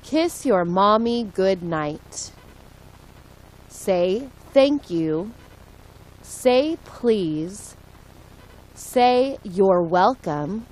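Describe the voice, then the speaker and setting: A woman reading short English sentences aloud slowly and deliberately, one at a time, for listening practice. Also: mid-range voice, expressive, darkish tone, rough recording. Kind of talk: slow read-aloud for learners.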